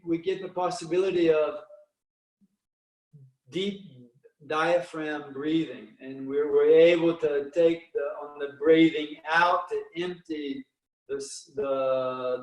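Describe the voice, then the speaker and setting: A man leading guided breathing and meditation exercises, counting breaths slowly and calmly with frequent restarts. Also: a little high, reverberant, distant mic, poor audio.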